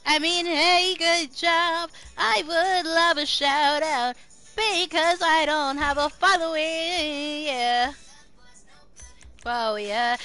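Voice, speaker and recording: A young woman streaming live, chatting excitably to her viewers, swearing freely and singing along to music now and then. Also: high voice, takes it slowly. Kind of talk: casual live-stream chat.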